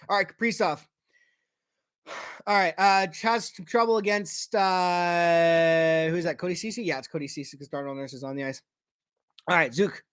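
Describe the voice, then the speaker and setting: A man giving casual fan commentary on a hockey game, ranting and cursing, swinging from shouts to low muttering. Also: normal speed, long pauses, clean tone, no room sound, clean studio sound. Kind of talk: fan watch-along commentary. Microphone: personal mic.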